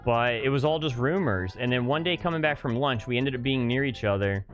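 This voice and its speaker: A man's voice: medium pitch, lively intonation, a little fast, faint music behind. A young man streaming a game, telling a rambling story to his chat with lots of fillers and swearing. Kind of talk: casual chat to a live stream chat while playing.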